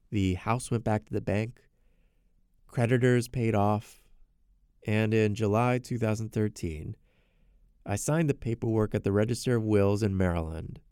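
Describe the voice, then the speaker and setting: Gravelly guy telling his own story, kinda stammery and earnest, dry close sound. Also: on the low side, warm tone, no echo. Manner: earnest, repeats words when emotional. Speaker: podcast narrator. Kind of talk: personal storytelling narration.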